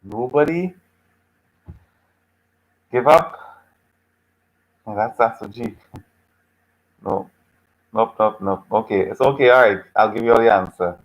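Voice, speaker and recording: A man's voice: lowish voice, takes it slowly, pauses often, low-quality recording. A man teaching a live online class, reacting to students' chat answers in a patient, teasing way and repeating his phrases several times. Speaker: lecturer.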